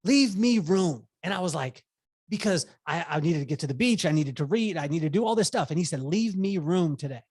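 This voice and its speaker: A man's voice: on the high side, expressive, quick pace, darkish tone, breathy edge, no room sound, clean studio sound. A man in his forties from Southern California, a podcast guest who tells stories with energy, laughs often, swears casually and acts out quotes. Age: 40s. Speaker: podcast guest, business coach. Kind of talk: animated storytelling conversation.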